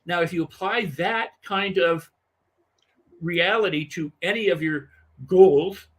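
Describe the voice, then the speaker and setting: A husky man with a fairly high voice speaks as a guest in a conversational interview. He is animated and emphatic and piles up repeated phrases to drive a point home. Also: measured pace.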